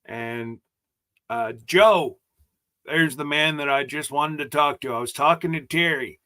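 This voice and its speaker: A man's voice: fairly high pitch, a little slow, pushed and bright. A man hosting a casual livestream chat, rambling and joking as he stumbles over his words. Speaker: host.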